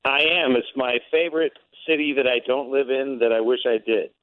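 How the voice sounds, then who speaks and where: A man's voice: medium pitch, brisk, clean tone, dry recording. A man from Oregon giving a casual interview, talking in an emphatic, enthusiastic way. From Oregon, USA. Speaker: interview guest. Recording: tinny phone line, dry.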